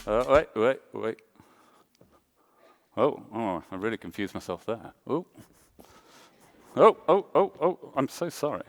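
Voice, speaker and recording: A man's voice: medium pitch, big pitch swings, unhurried, long pauses. An Englishman giving a design talk on a conference stage, self-deprecating and joking, with lots of ums and uhs. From England. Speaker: conference speaker.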